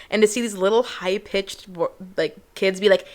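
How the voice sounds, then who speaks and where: A young woman co-hosting a podcast in casual chat, sarcastic and quick with asides, laughing often, with a sore throat. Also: medium pitch, fairly even intonation, fairly bright tone, smooth. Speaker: podcast co-host.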